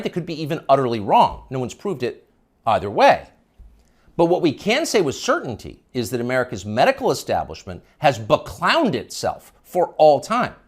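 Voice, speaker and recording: A middle-aged man delivering a scripted news commentary monologue, sarcastic and mocking, with emphatic rises and low confiding drops.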